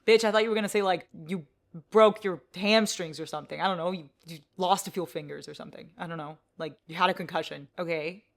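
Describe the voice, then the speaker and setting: A woman book vlogger chatting casually, rambling along with excited gasps and the odd curse word. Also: on the low side, fast. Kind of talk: casual vlog chat.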